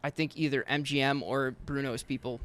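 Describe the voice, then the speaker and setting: A man's voice: mid-range voice, fairly even intonation, brisk, a bit bright. A man co-hosting a podcast in casual chat, laid-back and swearing, saying "bro" a lot. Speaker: podcast co-host and DJ.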